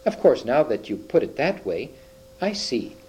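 A man's voice: mid-range voice, big pitch swings, moderate pace, mellow, a little hiss or hum, close to an everyday voice, low-quality recording. A man reading aloud, voicing a bluff, decisive eldest boy with hearty exclamations. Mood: excited.

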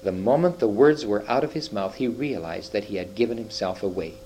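A man narrating an audiobook in a measured, expressive storytelling manner. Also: fairly low pitch, a little hiss or hum, poor audio.

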